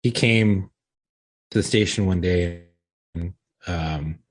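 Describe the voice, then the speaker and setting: A man's voice: sits low, slow pace. A man co-hosting a podcast, telling a loose story with casual swearing. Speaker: podcast co-host.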